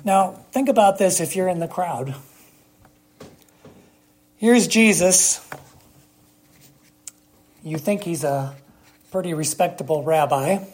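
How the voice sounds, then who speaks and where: A preacher giving a sermon, speaking emphatically with long dramatic pauses and rhetorical questions to the congregation. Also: mid-range voice, a little mellow.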